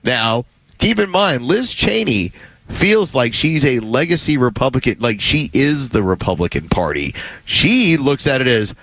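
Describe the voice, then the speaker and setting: A man co-hosts a morning radio show. His pitch swings widely as he quizzes his co-hosts and lays out his argument. The sound is dry and close on a studio mic. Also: sing-song, unhurried, fairly bright tone, no echo. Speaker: radio co-host. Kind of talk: radio talk show commentary.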